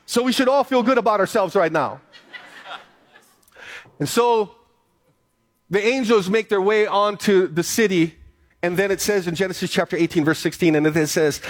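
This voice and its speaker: A pastor preaching to his church, reading scripture aloud slowly and then building to an emphatic appeal. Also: high voice. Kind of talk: sermon.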